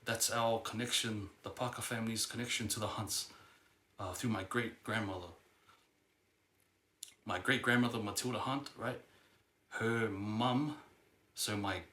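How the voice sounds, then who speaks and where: Rambling young man, bright echoey voice. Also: lowish voice. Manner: rambling, hesitant, full of fillers and restarts. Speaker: vlogger. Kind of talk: casual storytelling to camera. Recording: echoey room.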